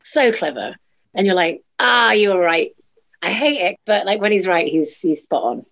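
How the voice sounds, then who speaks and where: A woman's voice: lowish voice, sing-song, normal speed. A woman in her thirties, a musical theatre actress chatting as a guest and bubbly, acting out quotes in funny voices. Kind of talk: casual interview chat.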